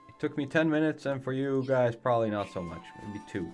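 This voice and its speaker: Laid-back, swearing gaming host. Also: male voice, medium pitch, animated, fairly quick, darkish tone, faint music behind. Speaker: let's play host. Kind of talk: casual gaming commentary.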